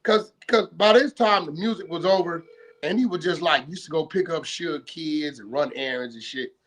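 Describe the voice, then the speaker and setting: A man's voice: on the high side, normal speed, fairly bright tone. A man from California retelling a story in casual streetwise slang, often checking in with "right?" and acting out both sides of old phone calls. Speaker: guest.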